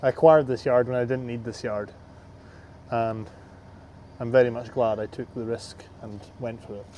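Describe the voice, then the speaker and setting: A young man in his twenties vlogs his landscaping workday outdoors. He talks loosely and casually, thinking aloud as he plans the job. His voice sits at an ordinary, middle pitch. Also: steady tone, normal speed, mellow, slight background noise. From Scotland. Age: 20s. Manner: chatty, self-talking, plans the workday aloud. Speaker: landscape business owner. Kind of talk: casual work vlog. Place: outdoors at work sites and yard.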